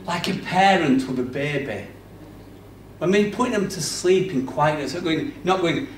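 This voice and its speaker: A man preaching a sermon in a conversational manner, swinging between loud bursts and hushed passages. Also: fairly high pitch, sing-song, unhurried, distant mic, a little hiss or hum. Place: church hall. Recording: roomy, off-mic church recording.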